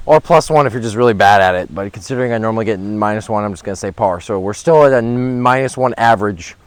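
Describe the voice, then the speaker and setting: A man's voice: fairly low pitch, fast, clear, resonant tone, no echo. Chatty man filming himself outdoors. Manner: chatty and rambling, with excited outbursts at throws. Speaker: vlogger. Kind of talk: casual commentary while playing. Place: outdoor disc golf course in a windy park. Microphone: handheld camera without a gimbal.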